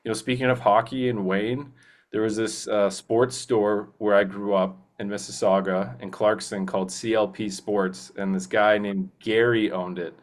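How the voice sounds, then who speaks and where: A man's voice: on the low side, level tone, moderate pace. A young man, a voice actor talking earnestly in a casual interview, rambling with many restarts. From Canada. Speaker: guest voice actor.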